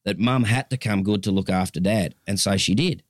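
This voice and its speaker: Australian man in his fifties, lowish pitch, dry close mic, chatty guest who tells stories with lots of restarts. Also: a little fast, no echo. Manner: chatty storyteller, rambling with restarts. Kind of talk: casual chat.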